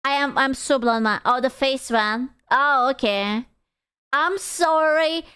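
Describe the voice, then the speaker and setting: A woman streamer with a high, smooth and clear voice, chatting with her viewers at an easy pace. She swears freely, bursts into laughter and puts on mock outrage, all in a dry, close sound. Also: takes it slowly, dry recording. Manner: loud laughing reactions and frequent swearing. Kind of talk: casual stream chat reading comments.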